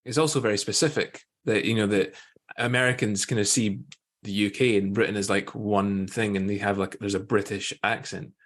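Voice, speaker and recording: A man co-hosting a podcast, chatting loosely and quickly with lots of fillers. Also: lowish voice, steady tone, a bit bright. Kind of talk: casual podcast chat.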